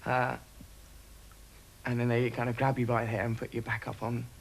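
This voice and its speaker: A man who served as aircrew, recalling events in a documentary interview in a halting way, with many pauses and fillers. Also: medium pitch, monotone, gravelly, slight background noise, rough recording. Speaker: former RAF aircrew interviewee.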